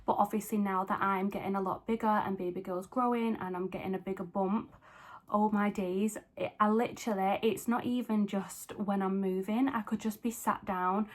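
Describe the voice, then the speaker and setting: A woman's voice: mid-range voice, steady tone, normal speed. Chatty woman vlogging. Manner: chatty, candid, with frequent fillers. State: pregnant, short of breath. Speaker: fitness vlogger. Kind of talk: casual vlog talk to camera.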